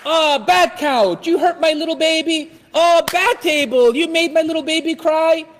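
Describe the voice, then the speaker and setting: A man doing a high, wailing mother who frets over her child and fusses about everything, sliding up above his own pitch. Her melodramatic voice echoes with a long ring of hall reverb. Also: moderate pace, fairly bright tone, slight background noise. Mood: doting.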